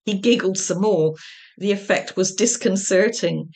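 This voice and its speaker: A woman, an author, reading an extract from her own comic novel in a deliberate, wry narrating manner. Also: on the low side, darkish tone.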